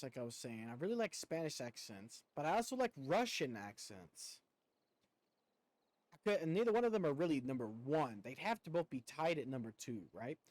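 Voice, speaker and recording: A man's voice: mid-range voice, dry recording. Rambling male streamer, dry sound. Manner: rambling, curses casually. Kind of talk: casual live-stream chat.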